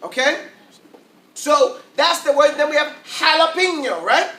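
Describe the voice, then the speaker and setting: A man teaching Arabic to a classroom of students, lively, asking questions and drilling sounds aloud. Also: very high-pitched, a little slow. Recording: roomy classroom, mic far off.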